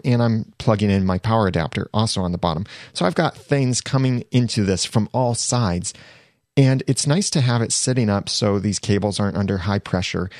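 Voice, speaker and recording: A man hosting a podcast, explaining equipment in a chatty, casual way, correcting himself as he goes and slowing down to stress each item. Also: lowish voice, darkish tone, no echo, clean studio sound. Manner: chatty, self-correcting, slows down to stress items. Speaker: podcast host reviewing gear.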